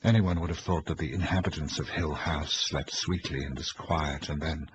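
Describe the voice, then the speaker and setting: Deep-voiced man reading a horror story. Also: steady tone, a little hiss or hum. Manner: measured, suspenseful reading. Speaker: audiobook narrator. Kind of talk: audiobook reading.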